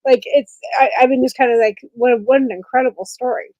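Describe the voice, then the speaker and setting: A woman hosts a casual radio interview. She breaks in with quick, friendly remarks. Her voice sits a bit high. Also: fairly even intonation, darkish tone, muffled recording. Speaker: host.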